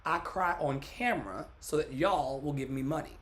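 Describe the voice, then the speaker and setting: A man's voice: a little high, moderate pace, a bit bright. A man hosting a motivational livestream, reciting a poem dramatically and joking with viewers between readings. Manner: dramatic, emphatic poetry recitation mixed with joking asides. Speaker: life coach and livestream host.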